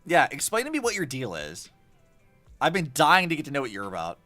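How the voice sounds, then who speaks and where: Animated, bright-voiced young male streamer. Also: a little high, fairly quick, soft background music. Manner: chatty and animated, many fillers. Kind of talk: casual gameplay commentary.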